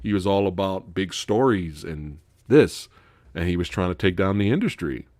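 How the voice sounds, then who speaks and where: Profane, animated man hosting a live stream. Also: low voice, moderate pace, no echo, clean studio sound. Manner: profane, animated storytelling with frequent laughter. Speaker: host. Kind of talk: casual live-stream chat.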